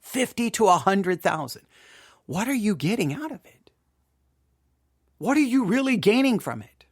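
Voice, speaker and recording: A man's voice: high voice, very animated, moderate pace, breathy edge. A man giving an emphatic monologue to viewers, repeating figures and asking rhetorical questions, his voice cracking. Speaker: Christian commentator.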